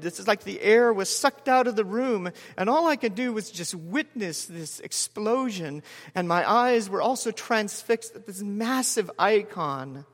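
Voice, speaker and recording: A man in his forties preaching a sermon as a story, measured with dramatic pauses and soft drops. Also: high-pitched. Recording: long hall reverb.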